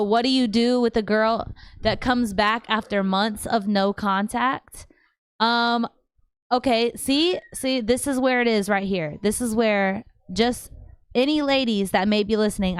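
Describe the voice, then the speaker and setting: A woman's voice: mid-range voice, unhurried, clean tone, no room sound. Chatty woman hosting a live chat. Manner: chatty, animated, slangy, trails off and restarts. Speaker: livestream host answering viewer questions. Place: home.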